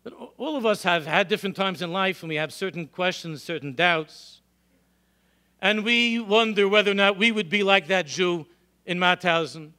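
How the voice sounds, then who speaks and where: Speaking at a normal pace in a high voice, a middle-aged rabbi gives a lecture to his congregation in a synagogue hall. He animates his stories and tosses out rhetorical questions.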